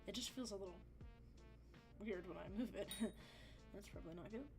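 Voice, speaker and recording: A woman's voice: mid-range voice, normal speed, music in the background. A young woman chatting casually on a game livestream, rambling, swearing freely and laughing often. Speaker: game streamer. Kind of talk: casual livestream chat over gameplay.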